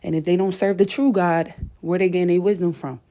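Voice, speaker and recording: Pacing at home late at night, this woman sounds slightly out of breath as she preaches a fervent spiritual message to her audience, tossing in "y'all" and "okay?" along the way. She speaks a bit fast in a lowish voice with fairly even intonation, and the background is noisy. She is a spiritual content creator.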